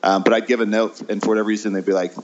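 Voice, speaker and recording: Hesitant man, lowish voice. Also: level tone, very fast. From American Midwest. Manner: hesitant, many ums, laughs at himself. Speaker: improv teacher and guest. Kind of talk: casual interview chat. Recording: dull lo-fi sound.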